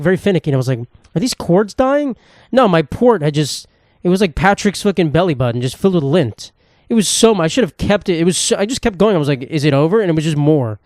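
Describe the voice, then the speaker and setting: A man's voice: on the high side, darkish tone, no room sound, studio quality. Rambling, crude young man podcasting. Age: 20s. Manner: rambling, crude, self-mocking humor. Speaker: podcast host. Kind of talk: casual solo podcast monologue. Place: indoor room, at a table.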